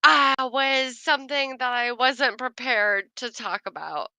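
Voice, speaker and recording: Woman chatting w her sis, lots of laughs and "like"s, smooth clear voice, dry sound. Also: sits high, unhurried, pushed and bright, dry recording. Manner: laughs often while telling a story; chatty, many fillers like "like". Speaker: storyteller chatting with her sister. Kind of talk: casual chat.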